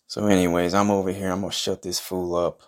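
A man's voice: low-pitched, flat delivery, fast. A man doing a comedic trash-talk monologue as a boastful, profane wrestler persona. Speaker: podcast host in a comic wrestler persona.

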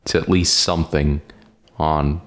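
A man's voice: a bass voice, flat delivery, unhurried, very noisy. A man hosting a podcast in casual chat, rambling and hesitant with lots of fillers and casual swearing. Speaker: podcast host.

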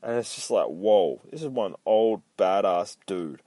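A man's voice: fairly low pitch, animated, unhurried, dark tone, no echo. A man hosting a casual comic book recap podcast, rambling, swearing a lot and mocking himself. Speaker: podcast host.

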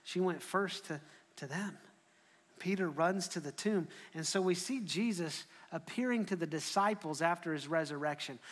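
High-voiced male preacher in an echoey hall. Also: moderate pace. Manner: animated storytelling, often restarting phrases. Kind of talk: sermon.

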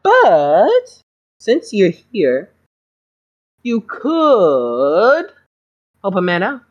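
A woman's voice: mid-range voice, wildly swooping pitch, drawn-out words, muffled recording, voice pushed up, exaggerated voice. A woman voicing a creepy, oily male doctor at a duel academy, syrupy and patronizing. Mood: oily, coaxing. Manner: syrupy, sing-song, patronizing.

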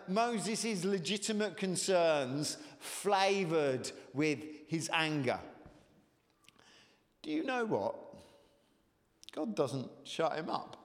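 A man's voice: high voice, expressive, takes it slowly, long reverb tail. A man preaching a conversational sermon in church, with hesitant fillers and rising emphasis.

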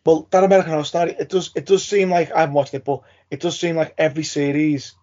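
Man, casual chat, easygoing, agreeable, slightly high pitch, dull lo-fi recording. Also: little pitch movement, fast, dark tone. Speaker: podcast co-host. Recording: dull lo-fi sound.

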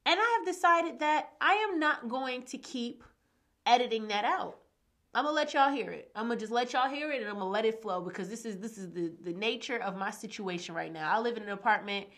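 A woman's voice: on the high side, expressive, brisk, a bit bright. A woman, talking casually, candid and frank, swearing freely when frustrated. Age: 20s. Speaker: podcast host. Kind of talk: casual solo podcast talk.

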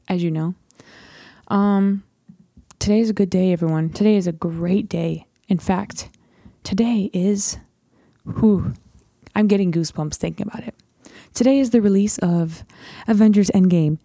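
Teen girl host, chatty and rambling, low mellow tone with lots of fry, dry close sound. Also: no echo. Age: teens. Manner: chatty, rambling, says "literally" often. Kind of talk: casual chat.

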